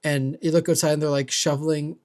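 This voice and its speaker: A young vlogger rants casually about his neighbors, rambling and swearing with "like" and "dude" in every sentence. His voice is a little high and level in tone, brisk and slightly mellow.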